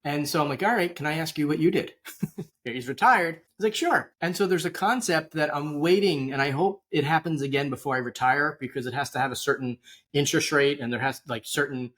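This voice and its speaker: A man's voice: fairly high pitch, a little fast, a bit bright. Chatty middle-aged man on a call. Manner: rambling, chatty asides and tangents. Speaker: guest, wealth manager. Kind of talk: casual storytelling interview.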